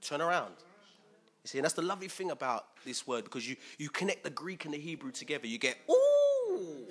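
A man preaching a conversational sermon in a chatty, lively way, full of fillers and repeated words. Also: a little high, very fast, breathy edge.

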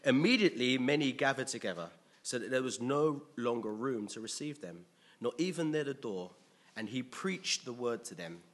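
Male preacher, slightly husky, earnest sermon delivery with restarts. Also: mid-range voice, animated, normal speed, fairly bright tone. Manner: earnest, questioning the congregation, frequent restarts.

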